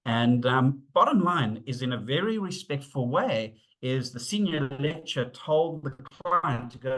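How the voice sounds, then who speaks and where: A middle-aged man presenting a webinar on safety, telling stories in an animated way, acting out the dialogue and using frequent fillers. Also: medium pitch, unhurried, hardly any pauses. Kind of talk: storytelling talk.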